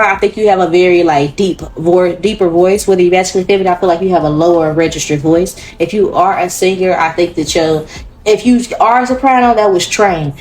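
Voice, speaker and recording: A woman's voice: fairly low pitch, a little mellow. Chatty, profane woman tarot reader. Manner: chatty, profane and rambling, with frequent laughter. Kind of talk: casual pick-a-card tarot reading.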